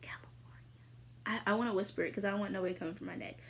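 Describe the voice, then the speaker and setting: A young adult woman vlogger casually answering viewer questions, rambling with lots of fillers and jumping into sudden high squeals. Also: steady tone, very fast, gravelly. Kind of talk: casual chat.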